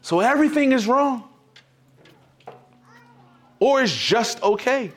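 High, lively-voiced preaching pastor. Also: male voice, slow pace, pauses often. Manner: emphatic, repetitive preaching with sudden swings in loudness. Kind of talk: sermon.

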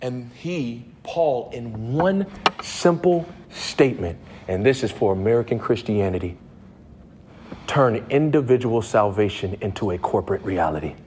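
A man preaching a sermon, emphatic, laughing between phrases and swinging from low murmurs to high shouted emphasis. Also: a little slow, a little hiss or hum.

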